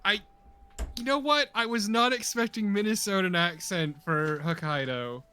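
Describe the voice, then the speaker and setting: Male co-host type, higher pitch, bright, snappy reactions, faint music. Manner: quick reactive quips, laughs easily. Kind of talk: casual chat on a game stream.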